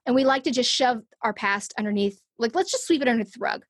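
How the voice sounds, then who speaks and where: A woman's voice: fairly high pitch, expressive, fast, husky, dry recording, studio quality. A middle-aged woman, a podcast guest, telling a personal story in a conversational interview and acting out her own thoughts.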